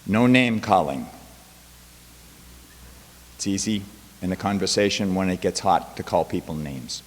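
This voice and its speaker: Speaking a little slowly, this guest professor has a low voice and lively intonation as he recounts a classroom anecdote, dropping in wry quoted asides. It's a chapel talk at a college, and the sound rings with long hall reverb.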